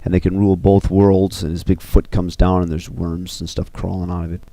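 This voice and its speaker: Man pitching a story, very low voice, gravelly, dark tone, dry sound, rambling delivery. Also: level tone, fairly quick, no room sound. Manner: loose and rambling, full of 'you know' and 'kinda'. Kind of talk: casual spoken story pitch.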